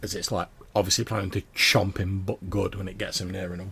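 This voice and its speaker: A man's voice: sits low, little pitch movement, quick pace, creaky, fairly bright tone, slightly rough. A man narrating a tabletop game as game master, with a loose manner full of "like"s. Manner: loose, filler-heavy narration with many "like"s.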